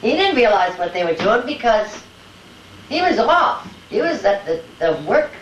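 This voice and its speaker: An older woman being interviewed at home, telling lively family anecdotes and acting out the voices of her family. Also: medium pitch, unhurried. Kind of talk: casual storytelling at home. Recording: echoey room, distant mic, dull home-video sound with faint hiss.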